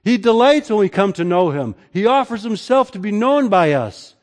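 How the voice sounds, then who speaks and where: A man preaching a sermon as pastor, moving between loud, emphatic lines and quiet, low passages. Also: big pitch swings, normal speed. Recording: long hall reverb.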